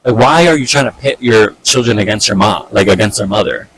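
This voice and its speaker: A young man casually telling a personal story on a vlog, animated and exasperated, with lots of fillers and swearing. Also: on the low side, brisk, breathy edge, dry recording, rough recording. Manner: animated, fed-up retelling full of fillers and swearing.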